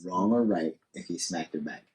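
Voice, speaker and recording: On a casual podcast, a male co-host with a low, darkish voice speaks at a normal speed into a studio podcast mic. He's blunt, swears often, and acts out hypothetical arguments.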